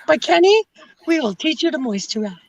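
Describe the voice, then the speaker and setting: High, teasing woman on a dull video call. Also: big pitch swings, a little hiss or hum. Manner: teasing, quick retorts. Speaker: co-host. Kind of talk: casual group video chat.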